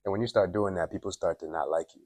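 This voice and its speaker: A man from Dominica, late twenties or thirties, delivers a casual motivational monologue for his self-improvement vlog at his workplace. Candid and opinionated, he says "like" constantly and often clears his throat. His voice is low, quick, and darkish in tone, with no echo.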